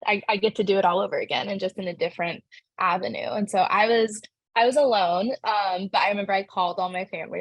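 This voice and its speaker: Young actress in interview, upbeat and rambling, mid-range voice, dead-dry recording. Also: female voice, mid-range voice, fairly even intonation, fairly quick, no room sound. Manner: bubbly, chatty, many "like" fillers. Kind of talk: casual interview answers.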